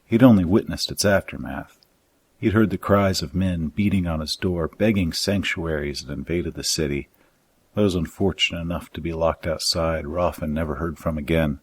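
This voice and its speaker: A man reading his own dark fantasy story aloud in a measured, even audiobook narration. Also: low voice, husky.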